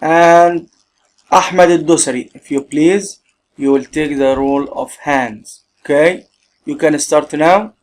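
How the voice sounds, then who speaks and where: A man's voice: on the high side, fairly even intonation, a little slow. A male teacher with an Egyptian Arabic accent giving an English lesson, switching between Arabic explanation and English and stressing words emphatically.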